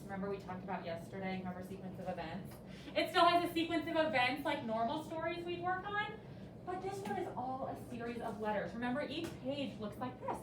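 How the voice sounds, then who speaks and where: Recorded far from the mic across an echoey classroom, a young woman with a high-pitched voice leads a third grade reading lesson. She quizzes the pupils with lively encouragement. The background is noisy, with faint classroom ambience.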